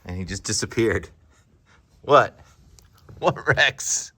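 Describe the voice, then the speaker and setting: A man's voice: fairly low pitch, animated, measured pace, no echo. A man who is a meteorologist, talking casually while walking his dog outdoors, narrating the sky and chatting to his pet. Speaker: meteorologist and vlog host. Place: outdoors on a windy coast. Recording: loud wind noise on the mic. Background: wind.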